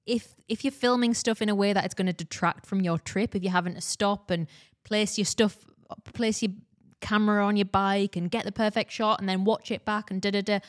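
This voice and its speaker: A woman co-hosting a podcast, chatting casually and giggling. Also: mid-range voice. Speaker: podcast co-host and editor.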